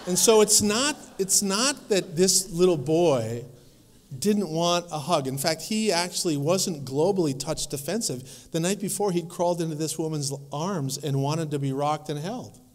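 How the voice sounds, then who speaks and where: Lively male lecturer in a reverberant hall. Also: fairly high pitch, unhurried. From North Dakota. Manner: lively storytelling, acting out quoted voices. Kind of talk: conference lecture with anecdotes.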